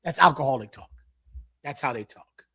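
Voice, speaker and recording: A man preaching through scripture verse by verse, repeating his points forcefully and acting out an addict's pleading. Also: medium pitch, lively intonation, moderate pace, slightly rough, no echo, clean studio sound. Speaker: teacher leading a scripture breakdown.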